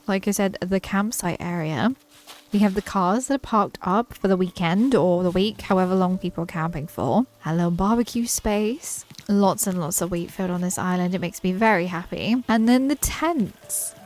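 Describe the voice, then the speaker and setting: A woman's voice: mid-range voice, moderate pace, a little mellow. A woman from the UK with a British accent, giving a chatty, enthusiastic commentary as she tours a game island, laughing often. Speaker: gaming channel host. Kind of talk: casual game tour commentary.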